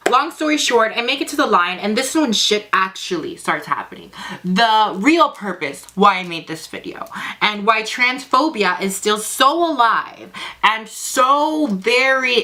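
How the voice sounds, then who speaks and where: A woman's voice: medium pitch, sing-song, measured pace, pushed and bright. A young woman telling a dramatic story in a casual vlog, sassy and heavily profane. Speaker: vlogger.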